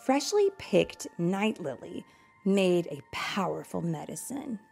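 Give me a young mother reading a bedtime story, animated and slow, with a lively melody. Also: lowish voice, creaky, soft background music. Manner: animated, with playful asides.

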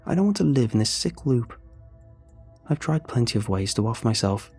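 A man tells a first-person horror tale in a measured, scripted delivery. His voice is dark and husky, and faint music runs underneath. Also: medium pitch, very animated. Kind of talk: scripted horror story narration.

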